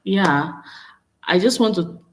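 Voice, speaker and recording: A woman's voice: lowish voice, expressive, takes it slowly, rough recording. A woman from Nigeria chatting casually on a live stream, greeting viewers by name and asking them to follow her pages. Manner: greets viewers directly, repeats requests to follow.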